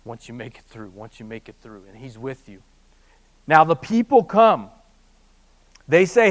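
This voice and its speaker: Male pastor, high voice, dramatic sermon delivery that drops to near-hushed and surges to loud, joking asides. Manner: swings from near-hushed, slow delivery to loud, fast preaching; animated storytelling with humorous asides.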